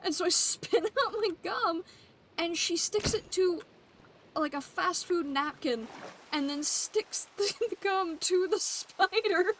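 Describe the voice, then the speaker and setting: A woman's voice: very high-pitched, a bit bright, slight background noise. A young woman streaming a game and telling a childhood story in a casual, chatty way, often laughing as she talks. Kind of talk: casual storytelling while gaming.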